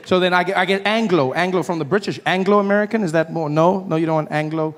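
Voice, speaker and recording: Animated, high-voiced stand-up comedian. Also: male voice, quick pace. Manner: animated, playful, teasing the crowd. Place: comedy stage. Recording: live show with background noise.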